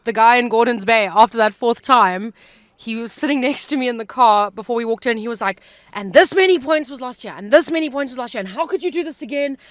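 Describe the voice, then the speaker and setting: Lively young woman, dry and close. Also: a little high, quick pace, no echo. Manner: lively, acts out quotes with laughter. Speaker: podcast co-host. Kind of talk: casual storytelling chat. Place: in a car.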